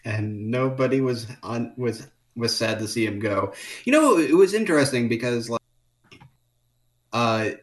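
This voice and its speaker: A man's voice: medium pitch, lively intonation, measured pace. A man co-hosting a casual podcast, rambling with fillers and laughs. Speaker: podcast co-host. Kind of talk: casual chat.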